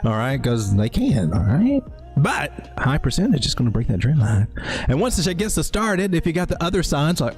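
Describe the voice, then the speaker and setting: A man's voice: on the high side, normal speed, faint music behind. A man from the American South with a Southern accent, hosting a late-night crypto livestream. He is tired and cranky, and he rambles, jokes and swears as he rants. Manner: rambling, joking, animated and swearing. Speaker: crypto stream host.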